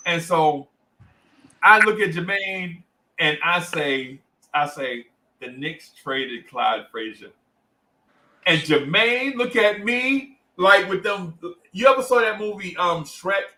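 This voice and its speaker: A man hosting a livestream speaks at a slow pace in a voice that sits high, captured on a low-quality recording. He tells a story with animation, voicing the characters, and reads the chat aloud.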